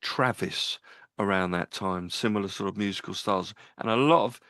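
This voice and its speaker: A man's voice: on the low side, moderate pace, pushed and bright, no echo. A man co-hosting a live radio music show, chatting casually and reeling off chart facts. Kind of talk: casual chat about albums. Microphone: studio mic.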